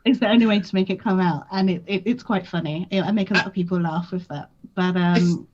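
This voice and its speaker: A woman's voice: on the low side, steady tone, fairly quick, a little mellow, dull audio. A British woman, a guest on a live stream, chatting and joking casually. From Britain. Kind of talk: casual chat.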